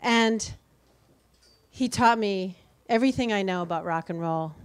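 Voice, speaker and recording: A woman's voice: mid-range voice, unhurried, smooth. A woman hosting a storytelling event, introducing the next speaker with effusive praise. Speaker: event host.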